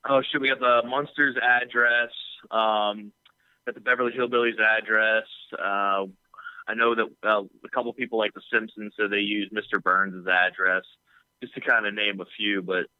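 A man's voice: fairly low pitch, flat delivery, moderate pace, no echo. A man co-hosting a podcast in a casual, laid-back chat, swearing freely. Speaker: podcast co-host. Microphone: phone. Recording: tinny phone line.

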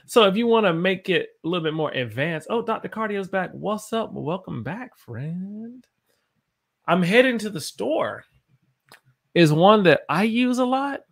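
Upbeat gravelly man teaching live. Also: sits high, animated, a little slow. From Southern United States. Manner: upbeat, reads chat aloud, playful voices. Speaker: English teacher streaming live. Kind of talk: live-stream English lesson.

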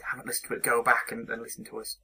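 A man's voice: medium pitch, monotone, racing, vocal fry, pushed and bright, husky. A man co-hosting a podcast, chatting casually, teasing his partner and chuckling as he reads out silly titles. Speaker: podcast co-host. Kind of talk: casual chat.

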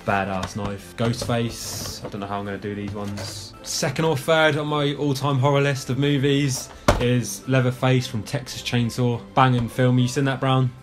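An enthusiastic young Englishman talks casually, swearing freely as he shows off his collection. His voice sits at an ordinary middle pitch. Faint music plays behind him. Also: level tone, moderate pace, hardly any pauses. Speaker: guest showing his collection. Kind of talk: casual show-and-tell chat.

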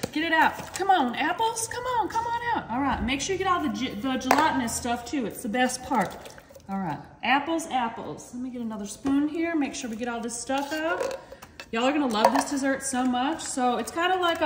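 A woman hosts a casual home cooking video, calling her viewers y'all as she works. Her voice sits high and bright. The kitchen is echoey, with a long ring and faint noise behind her. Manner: chatty, talks to viewers as y'all. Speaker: cooking channel host.

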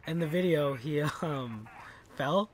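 A man's voice: fairly high pitch, animated, slight background noise. Rambling young man chatting over a game. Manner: rambling, halting, laughs often. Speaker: let's play co-host and player. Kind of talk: casual gaming chat.

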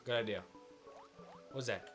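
A man giving casual let's-play commentary, excitable, with profane outbursts. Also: medium pitch, measured pace, over music. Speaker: gaming channel host.

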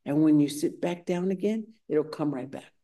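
A woman's voice: low-pitched, normal speed, mellow. A woman giving a meditation dharma talk at a retreat, conversational and searching, repeating phrases as she reads from scripture. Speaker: meditation teacher. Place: retreat center meditation hall.

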